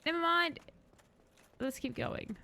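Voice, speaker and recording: A woman's voice: high-pitched, slow, creaky, pushed and bright. A woman streaming a video game, chatting casually with her viewers and laughing often. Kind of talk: casual gaming live-stream commentary.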